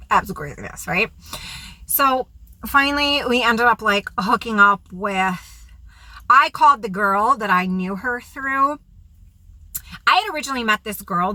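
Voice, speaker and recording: A woman vlogger telling a story from her past in a fast, animated, slangy way. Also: medium pitch, no room sound. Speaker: vlogger, recovery coach. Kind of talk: storytelling vlog.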